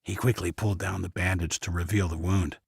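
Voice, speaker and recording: A man's voice: sits low, fairly even intonation, brisk, gravelly, husky, no echo, studio quality. A man narrating a first-person audiobook, voicing every character himself.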